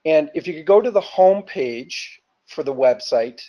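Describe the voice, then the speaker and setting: A man's voice: fairly high pitch, expressive, a little slow, highs cut off. A man in a webinar, describing what he needs and asking a question in a hesitant, casual way, full of ums and uhs.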